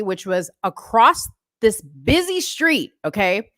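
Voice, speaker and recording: Female vlogger, casual storytelling rant, slightly high, dry close sound. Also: moderate pace, no echo. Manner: chatty, animated retelling with asides.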